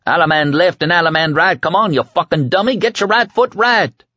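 A man's voice: on the high side, very animated, fairly quick, fairly bright tone, no room sound, pitched above the performer's own voice. A man voicing a crazed, reckless young man who sings crude songs, barks orders and swears. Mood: taunting singsong. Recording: dry dull lo-fi audio.

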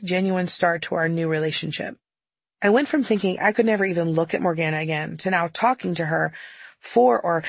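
A woman's voice: on the low side, creaky, breathy edge, dry recording. A woman narrating her own audiobook memoir in a candid, wry storytelling manner, close to the mic.

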